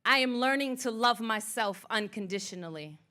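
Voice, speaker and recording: A woman leads a live crowd through affirmations and spoken-word pieces. Her voice is bright and forceful and sits a little high. She speaks in rhythmic, declarative phrases meant for a room to repeat. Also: animated, normal speed. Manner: rhythmic, declarative, leading call-and-response. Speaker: motivational speaker. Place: art museum event space.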